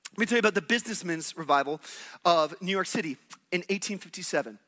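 High-voiced, bright-toned energetic male pastor. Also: fast talker. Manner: energetic, conversational, call-and-response with the congregation; exclamations and laughs mid-sermon. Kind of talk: sermon.

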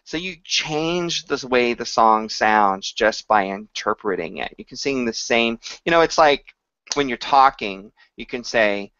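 A male voice coach talking to camera at an unhurried, deliberate pace. His voice is mid-pitched and close and dry, with no room around it. The recording is dull and a little lo-fi. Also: expressive, sharp tone, no room sound. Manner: explains slowly, sings short examples to demonstrate. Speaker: voice teacher. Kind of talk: instructional talk to camera.

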